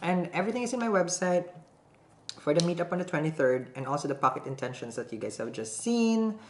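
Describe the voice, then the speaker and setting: A woman's voice: on the low side, expressive, fairly quick, darkish tone, reverberant, slight background noise. A woman doing a casual tarot reading, chatty and laughing often, checking in with her listeners as she goes. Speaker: tarot reader.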